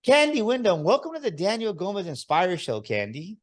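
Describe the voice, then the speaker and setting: A man's voice: high voice, huge pitch swings, moderate pace. A man hosting an interview podcast, enthusiastic and motivational, slipping in bits of Spanish. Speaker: podcast host.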